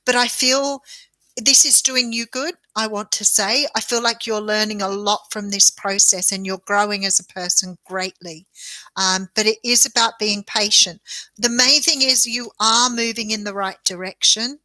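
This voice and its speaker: A woman's voice: mid-range voice, fairly even intonation, normal speed, bright, forceful tone, no echo. An Australian woman, a tarot reader, giving chatty and reassuring readings on a live stream with frequent laughter.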